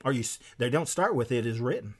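A man delivering an impassioned sermon-style lecture, emphatic, with sharp swings in pitch and loudness, reading quotes aloud from a book. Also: lively intonation, fast, breathy edge.

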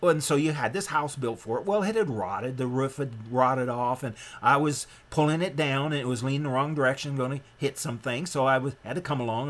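A man from Nebraska giving a sermon-style lecture, emphatic and rambling, often restarting his sentences. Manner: emphatic and rambling, with frequent restarts and sudden rises in pitch.

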